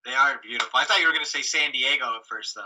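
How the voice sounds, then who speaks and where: A man's voice: medium pitch, rapid-fire, sharp tone, poor audio. A man co-hosting a casual podcast, answering with dry, reasoned comebacks. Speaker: podcast co-host. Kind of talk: casual chat.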